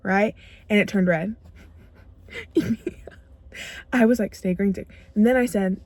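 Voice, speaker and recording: A woman's voice: mid-range voice, a little slow, pauses often, a little mellow, dry recording. A young woman giving a motivational self-growth talk to camera, emphatic and repeating phrases for punch. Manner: acts out her own inner dialogue in quotes.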